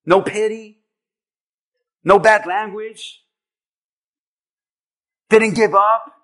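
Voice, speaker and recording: A male pastor preaching a sermon, dramatic and rising to shouts as he acts out what people would say. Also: high voice, steady tone, drawn-out words. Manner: dramatic, shouting at peaks, acting out quotes.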